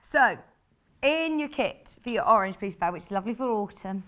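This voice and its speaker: Bubbly lady on a shopping channel, chatty sales talk, mid-pitched voice, rambles a bit. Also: animated, a little fast, lo-fi sound. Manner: chatty, bubbly, thinks aloud. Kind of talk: live sales presentation of sewing kits. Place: TV studio.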